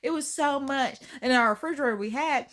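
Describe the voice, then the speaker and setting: Animated higher-voiced woman telling a story. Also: a little fast. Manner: animated, emphatic, repeats points for effect. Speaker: storytime vlogger. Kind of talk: casual storytelling rant.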